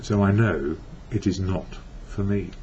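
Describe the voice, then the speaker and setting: This recovery blogger from England has a dark-toned, low-pitched voice and takes his time. His personal reflections on recovery ramble, with frequent self-corrections. The sound quality is dull and lo-fi, carrying a faint hiss.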